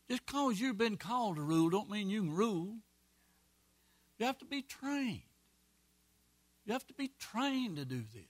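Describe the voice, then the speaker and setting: A man preaching a sermon as pastor, folksy and emphatic, with quick repeated phrases and asides. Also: high voice, no echo.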